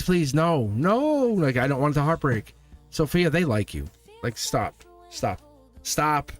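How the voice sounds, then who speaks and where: A man's voice: a little high, a bit bright. A man giving a casual live tarot reading, rambling and chatty, laughing often. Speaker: tarot reader.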